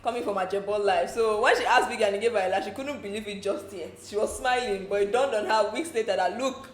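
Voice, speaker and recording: A woman's voice: medium pitch, quick pace, roomy sound. A Nigerian woman casually recapping reality show gossip, chatty and often laughing. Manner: chatty, laughs often, slips into pidgin asides. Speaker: entertainment show recap host.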